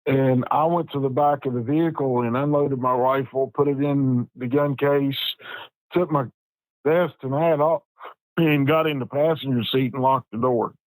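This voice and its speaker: Guy in his 50s, plain spoken storyteller, dry sound, middle pitch. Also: fairly even intonation, dry recording, poor audio. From West Virginia. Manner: unhurried, plain-spoken storytelling with frequent restarts. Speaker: podcast guest. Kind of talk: personal storytelling.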